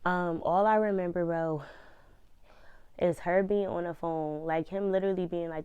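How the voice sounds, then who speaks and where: A woman, casually telling a personal story in an animated, fired-up way full of slang. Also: fairly low pitch, normal speed, clear, resonant tone, no echo, dull audio.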